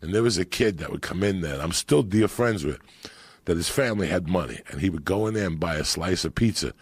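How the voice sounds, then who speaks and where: A middle-aged man telling loud, profane, laughing stories as a podcast guest. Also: sits low, lively intonation, fast, slightly rough, no room sound. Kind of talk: profane storytelling chat.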